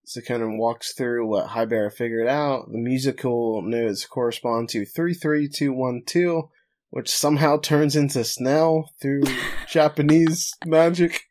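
Podcast host, male, mid-pitched, summarizes the plot with a laugh now and then. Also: fairly even intonation, unhurried, a little mellow. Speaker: podcast host recapping an anime episode. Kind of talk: casual recap chat.

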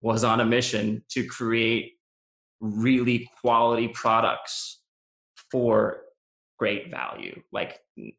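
A man's voice: medium pitch, slow, creaky, fairly bright tone. A man being interviewed, telling his own story candidly and reflectively, with lots of "um" and "you know". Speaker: interview guest, business founder. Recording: roomy echo.

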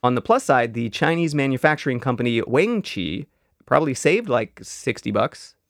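A man's voice: mid-range voice, animated, normal speed, no echo. Man, podcast co-host, wry dry delivery, close studio mic, dead room. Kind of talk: casual comedic chat.

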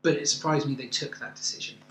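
A man's voice: mid-range voice, fairly even intonation, fast, a bit bright. A man co-hosting a podcast, chatting enthusiastically and sharing opinions. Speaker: podcast co-host. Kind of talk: casual chat reviewing a musical. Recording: echoey room with faint noise.

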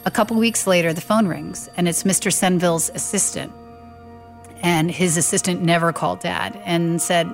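Middle-aged woman, lower voice, lively storyteller who acts out dialogue, faint music underneath. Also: normal speed, creaky. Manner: animated storyteller acting out quoted dialogue. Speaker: guest telling her late father's story. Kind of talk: storytelling interview.

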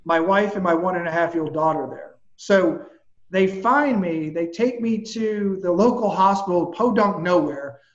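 A man with a notably high voice tells his story with animated energy and casual bluntness. The sound is roomy and a bit muffled. He speaks as a guest on a casual chat. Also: normal speed. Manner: animated, vivid storyteller who swears casually. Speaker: guest, personal trainer.

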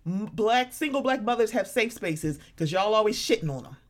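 A woman in her thirties chatting casually as a podcast co-host, animated and profane, often acting out what other people say. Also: mid-range voice, normal speed. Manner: animated, profane, acts out quoted voices. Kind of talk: casual chat.

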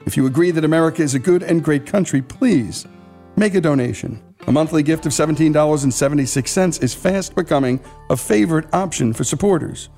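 Man, radio host, mellow dark tone, earnest delivery, faint guitar behind. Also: on the high side, a little fast. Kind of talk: radio narration and donation appeal. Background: faint guitar music.

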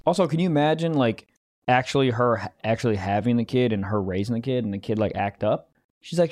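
A man's voice: mid-range voice, fast, darkish tone. A man co-hosting a podcast, riffing loosely and swearing a lot in casual comedic chat. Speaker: podcast co-host.

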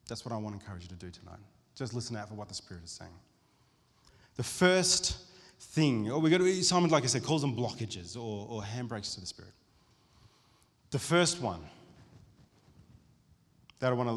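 A pastor giving a conversational sermon, with frequent restarts and asides to the congregation. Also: male voice, medium pitch. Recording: long hall reverb.

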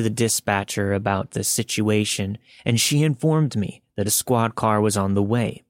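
A man narrating a listener's true story in a steady, scripted podcast reading. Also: fairly low pitch, normal speed, hardly any pauses, no room sound, studio quality.

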